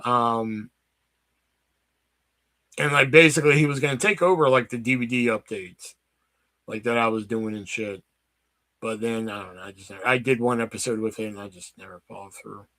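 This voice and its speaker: A man's voice: medium pitch, fairly even intonation, normal speed, long pauses, pushed and bright, no room sound. A man hosting a casual livestream, rambling with lots of fillers and swearing. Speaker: livestream host. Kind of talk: casual live-stream chat.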